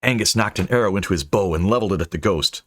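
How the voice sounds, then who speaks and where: Husky man narrating with snark. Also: low-pitched, very fast, fairly bright tone, no room sound, clean studio sound. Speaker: audiobook narrator. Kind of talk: dry, snarky fantasy narration.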